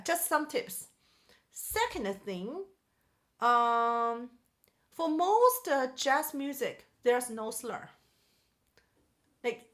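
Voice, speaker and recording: High-voiced woman teaching piano. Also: fairly bright tone. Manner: patient and explanatory, counts and sings rhythms aloud. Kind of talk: one-on-one music lesson.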